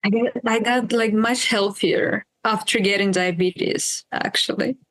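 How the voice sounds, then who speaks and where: A woman guest speaking quietly and thoughtfully in a reflective conversation. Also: medium pitch, steady tone, measured pace, rough recording.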